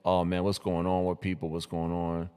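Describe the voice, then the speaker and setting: A young man from New City, hosting a casual live stream and reacting to social media posts in hyped, slangy talk full of repeated greetings and shout-outs. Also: low voice, monotone, moderate pace, clear, resonant tone, big-room sound. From New York City.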